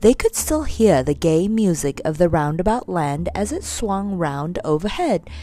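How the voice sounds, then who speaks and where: A woman reading a children's storybook aloud as storyteller, expressive and animated. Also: on the low side, unhurried.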